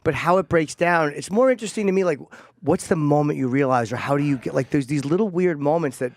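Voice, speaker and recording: A man co-hosting a radio talk show, asking curious questions and cutting in with quick remarks. His voice sits a little high. It is recorded dry and close on a studio mic. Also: no room sound. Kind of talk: conversational interviewing.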